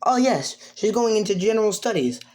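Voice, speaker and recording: A man voicing a small, polite animal school principal in a high, squeaky, excited voice. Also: fairly quick. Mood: eager.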